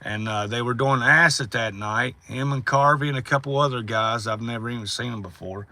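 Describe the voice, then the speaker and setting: A man's voice: medium pitch, fairly quick, pushed and bright. Profane man telling stories. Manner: profane, rambling, drawling with frequent laughs. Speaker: livestream host. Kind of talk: casual storytelling on a livestream.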